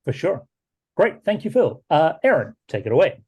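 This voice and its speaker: A man's voice: fairly high pitch, big pitch swings, normal speed, breathy edge, lo-fi sound. A man moderating a webinar panel, passing the word along with short, upbeat handoffs. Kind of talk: hosting a panel.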